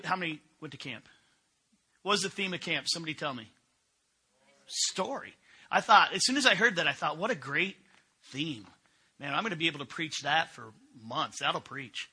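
A man's voice: on the high side, bright, forceful tone, husky. A middle-aged man preaching a sermon in a conversational way, often asking the congregation questions. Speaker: pastor.

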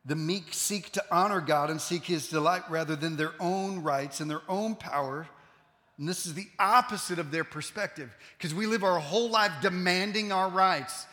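High, bright-voiced man preaching in a hall. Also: normal speed. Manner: swings from loud emphatic preaching to quiet intense asides. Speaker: pastor. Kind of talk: sermon. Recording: long hall reverb.

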